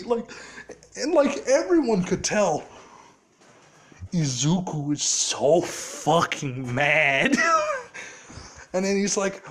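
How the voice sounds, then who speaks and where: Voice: medium pitch, big pitch swings, takes it slowly, slight background noise. A casual storyteller rambling through a fan scenario with frequent laughter, filler words and heavy swearing.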